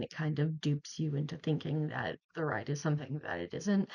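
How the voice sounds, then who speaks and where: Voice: mid-range voice, a little mellow. A young adult video creator telling a story in a casual, chatty way, rambling and full of "like". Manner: rambling, chatty, heavy use of "like". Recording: slightly muffled lo-fi audio.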